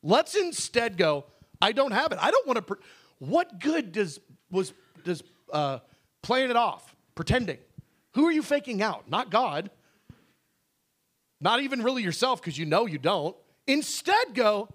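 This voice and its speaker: A man preaching a sermon, animated, swinging from low asides to shouted emphasis and laughing mid-sentence. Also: measured pace. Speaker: pastor.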